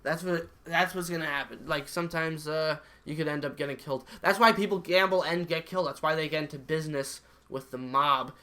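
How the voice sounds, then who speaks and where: A young man trades crude, profane jokes as a podcast co-host, laughing often. His voice sits fairly high and sounds bright and sharp. The talk is loose and casual. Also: steady tone, a little fast, hardly any pauses.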